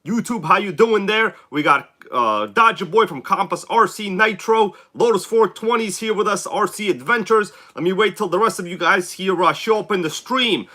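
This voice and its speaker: Chatty New man, sick and bright. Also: sits high, moderate pace, few pauses. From New York City. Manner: chatty, jokey, greets viewers by name. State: sick, congested voice. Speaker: live stream host. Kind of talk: casual live stream chat.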